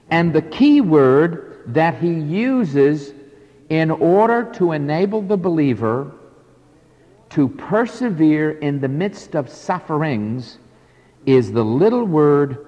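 Slow, echoing preacher in a hall. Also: male voice, a little high, darkish tone. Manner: emphatic, rising and falling preaching cadence. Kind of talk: sermon.

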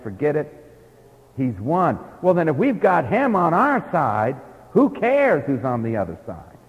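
A man's voice: mid-range voice, a little mellow. A man preaching an expository sermon, leaning hard on key words and putting rhetorical questions to the congregation. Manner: emphatic, drawn-out stress on key words. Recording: dull lo-fi sermon recording in a reverberant hall.

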